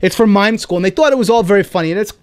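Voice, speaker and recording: Male podcast host, higher register, playful comic storyteller. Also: clear, resonant tone. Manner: animated, playful, quick asides like "right?". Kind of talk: casual storytelling monologue.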